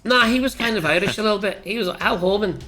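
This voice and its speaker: A man chatting excitedly as a player wrapping up a tabletop game session, swearing freely. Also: high-pitched, fast talker, background noise. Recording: faint music behind.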